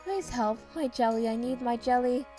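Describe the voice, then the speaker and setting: A woman's voice: a little high, moderate pace, mellow, faint music behind, pitched above the performer's own voice, close to an everyday voice. A woman voicing a hysterical townswoman who pleads frantically. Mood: frantic. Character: hysterical townswoman obsessed with jelly.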